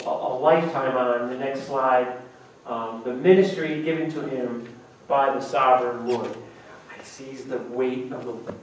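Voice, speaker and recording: A man preaching a sermon as pastor, lively and acting out quotes with sudden jumps in pitch. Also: slight background noise. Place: church sanctuary. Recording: echoey church hall, mic from a distance.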